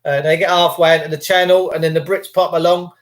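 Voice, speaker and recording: Brief: English male streamer, jokey and crude, slightly higher voice. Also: fairly even intonation, fast. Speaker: livestream host reading chat. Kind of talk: rambling casual monologue.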